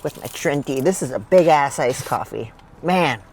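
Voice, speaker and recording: Excitable young woman vlogging. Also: rumbling low, moderate pace, a little hiss or hum. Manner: excitable, laughs often, gushing to pets. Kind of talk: casual vlog chat.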